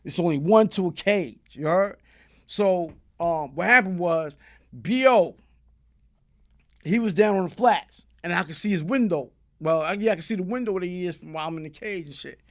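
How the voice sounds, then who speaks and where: High-voiced, animated New York man telling a story. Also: normal speed. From Brooklyn, New York. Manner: animated street storytelling, acts out voices, frequent "you heard?". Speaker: interview guest. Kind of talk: storytelling in a casual interview.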